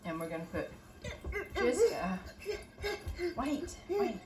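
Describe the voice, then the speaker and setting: Older host, high-pitched, swoops all over, sing-song baby talk to a grandkid, echoey kitchen. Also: female voice, very animated, takes it slowly, a little mellow. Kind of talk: casual cooking demo with a grandchild. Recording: echoey kitchen, faint noise.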